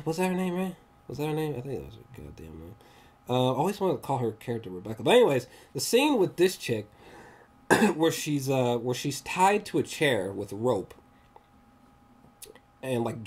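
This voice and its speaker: A man giving a casual, rambling movie review, excitable and slangy, often laughing. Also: medium pitch.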